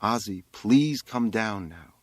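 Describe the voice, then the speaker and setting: Brief: a scared, gently coaxing mother in a storybook, put on by a low-voiced man, with little pitch change. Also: expressive, takes it slowly, no room sound. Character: frightened pleading mother.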